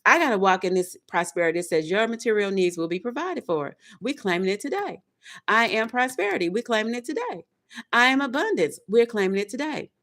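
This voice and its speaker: A woman's voice: mid-range voice, fairly bright tone. Emphatic woman preaching motivational self-talk. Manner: preachy, emphatic, repetitive, speaks in affirmations. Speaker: tarot reader.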